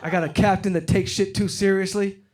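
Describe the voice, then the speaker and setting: A middle-aged man from Detroit doing a stand-up comedy set on stage, getting loud and animated when he acts out other people. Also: sits high, a little fast. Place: comedy stage before a live audience. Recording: live show with loud crowd laughter. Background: crowd laughing.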